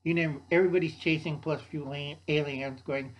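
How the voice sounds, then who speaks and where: A man's voice: a little high, fairly even intonation, a little fast, few pauses, rough recording. An older man hosting a video, rambling through a made-up movie plot and losing his place in his notes. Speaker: YouTube host.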